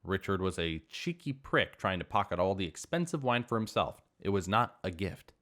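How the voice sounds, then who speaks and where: A man narrates online stories in a fairly low voice that swings widely up and down. His reading is animated and expressive, as he leans into the punchlines. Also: moderate pace. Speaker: story narrator.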